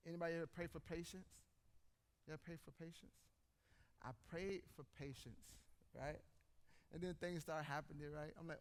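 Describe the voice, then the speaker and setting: Animated forty-something preacher, higher voice. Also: male voice, moderate pace. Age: 40s. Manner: animated storytelling, addresses audience directly. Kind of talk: conversational sermon.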